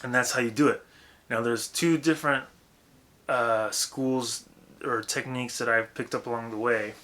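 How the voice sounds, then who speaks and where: Young guy with a bright forceful voice, swearing and rambling through a vocal lesson. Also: medium pitch, fairly even intonation, moderate pace. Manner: profane, loose and rambling, demonstrates loudly. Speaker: vocal coach. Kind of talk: casual vocal technique lesson.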